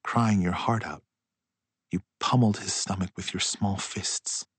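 A man reading a literary story aloud in a slow, hushed and reflective way. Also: low voice, fairly even intonation, husky, no room sound. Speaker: audiobook narrator. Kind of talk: literary audiobook narration.

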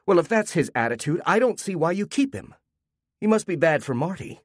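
A man voicing a haughty, rude woman at a party, talking loudly and with scorn in a storybook reading. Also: mid-range voice, sing-song, brisk, no room sound, clean studio sound, lightly acted. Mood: scornful. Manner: loud, scornful. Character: haughty rude middle-aged woman guest.

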